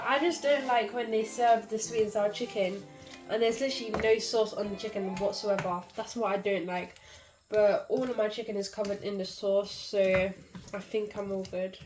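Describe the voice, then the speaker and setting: A woman's voice: mid-range voice, steady tone, normal speed, music in the background, rough recording. A young woman with a cold, chatting casually through a home cooking vlog, talking in scattered bursts with fillers and self-corrections. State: has a cold. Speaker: cooking vlogger. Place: home kitchen with frying food.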